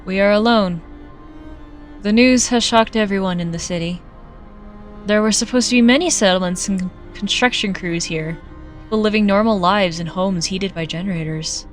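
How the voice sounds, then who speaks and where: A woman streaming a game, reading its text aloud and reacting with loud jokey asides. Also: medium pitch, moderate pace. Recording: faint game music behind.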